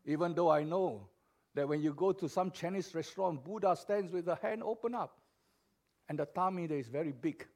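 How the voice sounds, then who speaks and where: A man preaching a sermon, emphatic and repetitive, moving between loud declarations and quiet, soft lines. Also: fairly high pitch, normal speed. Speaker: pastor.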